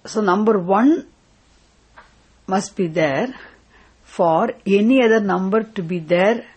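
Husky woman teaching. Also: mid-range voice, slow pace, a little mellow, poor audio. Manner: questioning, repeats points, asks "isn't it?". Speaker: spiritual teacher. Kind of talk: Vedanta scripture class.

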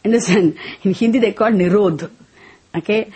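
A woman teaches a spiritual text class at an unhurried pace. Her voice is husky, and she repeats each word several times. She asks her students to say the words back to her. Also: medium pitch, expressive, a little mellow.

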